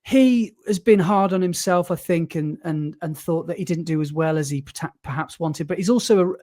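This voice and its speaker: A man from the UK talks casually on a podcast, rambling with fillers and quick restarts. His voice sits a little high for a man. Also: darkish tone. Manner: chatty, enthusiastic, many fillers and restarts. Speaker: podcast co-host. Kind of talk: casual chat.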